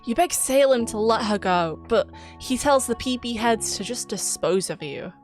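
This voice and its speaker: A young woman with a British accent narrates a game video essay, chatty and quick to giggle at herself. Her voice sits a little on the high side. Faint game music plays quietly behind her. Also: expressive. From Britain. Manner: giggly, chatty, self-deprecating. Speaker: YouTuber.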